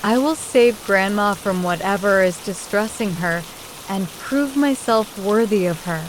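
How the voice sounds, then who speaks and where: Slow, measured woman narrating an audiobook. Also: medium pitch, background noise. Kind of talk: first-person audiobook narration. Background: soft rain sound.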